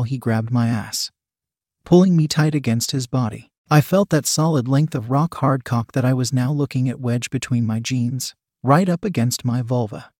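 Brief: a steady, measured male narrator of an erotic audio story, with a mid-pitched voice on a dry, close recording. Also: dry recording.

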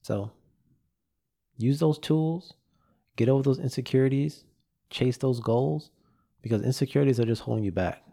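A man's voice: medium pitch, normal speed, creaky, long pauses, warm tone. A man hosting his own podcast, giving a loose, repetitive motivational talk straight to his listeners into a studio mic, a little out of breath. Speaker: podcast host. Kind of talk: casual motivational monologue.

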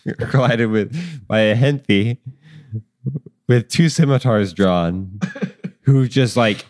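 A man with a low, unhurried voice runs a tabletop game as dungeon master. He rambles along with plenty of ums and chuckles. The sound is dry and close. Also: dry recording. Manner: rambling, many ums, laughs at himself. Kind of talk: running a tabletop game, casual.

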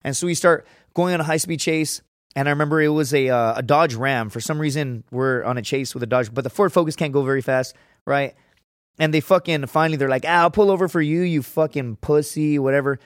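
A man's voice: mid-range voice, a little fast, no echo, clean studio sound. A young man from Laredo, Texas, telling a story as a podcast guest in a rambling, swearing, casual way. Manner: rambling, heavy swearing, frequent "right?" and "dude".

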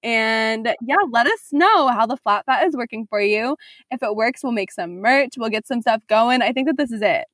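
A young woman hosting a podcast in casual chat, animated and teasing, often laughing as she tells stories. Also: fairly high pitch, moderate pace, no room sound, clean studio sound. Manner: animated, giggly, teasing storyteller. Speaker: podcast host.

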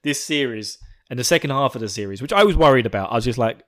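A man hosting a podcast, chatting in a rambling, excitable way with laughs and swearing. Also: mid-range voice, fast talker, few pauses. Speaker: podcast host. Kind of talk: casual podcast chat.

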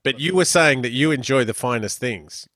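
Lively man teasing his co-host. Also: medium pitch, normal speed, no echo, clean studio sound. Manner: animated, teasing, joking. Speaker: podcast co-host. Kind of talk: casual banter.

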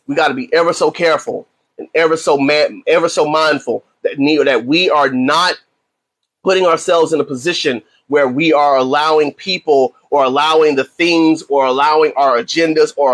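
A man with a fairly high, husky voice talks through a faith message like a casual sermon. He is earnest and conversational, and he leans on repeated phrases to drive his points home. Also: a bit bright. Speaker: podcast host. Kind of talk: preaching-style talk.

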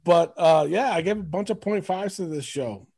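A man co-hosting a wrestling podcast in casual chat, animated and profane, laughing often. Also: high voice, moderate pace, gravelly, slightly rough. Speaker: podcast co-host.

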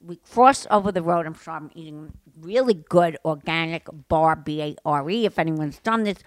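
Animated storytelling mom on a podcast. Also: female voice, low voice, normal speed, dry recording. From Manhattan, New York. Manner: animated storytelling, acts out shouting quotes. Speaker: podcast co-host, mother. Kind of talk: casual podcast chat.

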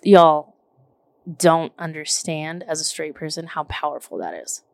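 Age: 30s. Sex: woman. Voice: gravelly, dry. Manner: animated, emphatic storytelling. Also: low voice, measured pace, no room sound. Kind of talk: casual chat.

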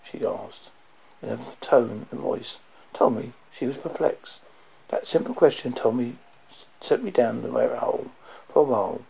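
A man reading a dark first-person story aloud, low and intense, sometimes dropping to a whisper. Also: normal speed, vocal fry, a little hiss or hum. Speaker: audiobook narrator. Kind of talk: first-person audiobook narration. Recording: dull lo-fi recording.

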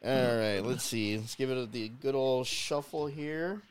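A man's voice: mid-range voice, a little slow, a crowd in the background. Playful, laughing podcast host man. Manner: playful, laughs often, swears casually. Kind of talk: casual chat.

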